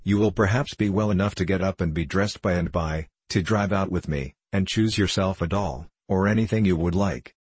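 A man's voice: sits low, normal speed, few pauses, breathy edge, no echo. A man reading as a nervous, kindly old lady. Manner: anxious, pleading, soft-hearted. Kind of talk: audiobook character voicing.

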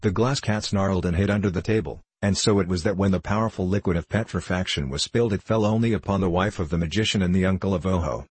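Low, husky male storyteller. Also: quick pace, few pauses, a little mellow, no echo. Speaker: audiobook narrator. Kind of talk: storybook narration.

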